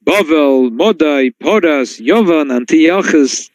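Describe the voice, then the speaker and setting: Male rabbi, sermon-style class, slightly high voice, dry and close, animated storyteller. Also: slow, no echo, rough recording. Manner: storytelling, swings to high excited tones when quoting. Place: synagogue.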